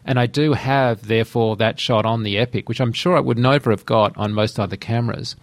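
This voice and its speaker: A man with a medium-pitched voice hosting a casual podcast. He talks in an easygoing, chatty way on a dry, close recording with no room sound. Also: a little fast, dry recording. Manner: easygoing, chatty, laughs while talking. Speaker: podcast host.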